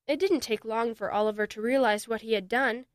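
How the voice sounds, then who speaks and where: A woman narrating a children's story in a gentle, steady reading voice. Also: on the high side, a little fast, no room sound, clean studio sound.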